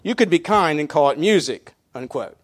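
A middle-aged pastor preaches in a loose, conversational way, full of fillers and restarts. He counts out beats aloud as he goes. His voice sits a little high for a man. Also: lively intonation, moderate pace. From Mennonite community. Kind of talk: sermon.

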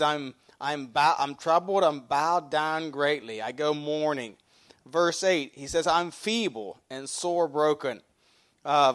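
A middle-aged male pastor preaching a sermon in a folksy way, repeating and restarting phrases and reading scripture slowly. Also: fairly high pitch, fairly bright tone.

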